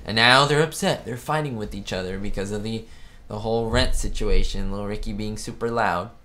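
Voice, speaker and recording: This host of a live chat stream has a lowish voice that sounds pushed and bright, and he speaks fairly quickly. He rambles chattily and keeps correcting himself, all picked up by a webcam setup.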